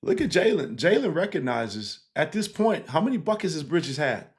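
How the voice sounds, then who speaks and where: Guy coach breaking down hoops clips, kinda high voice, animated, laughs a lot, says right? constantly. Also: moderate pace. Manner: animated, keeps checking in with 'right?' and 'again'; laughs easily while explaining. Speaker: basketball coach breaking down game film. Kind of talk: casual film breakdown.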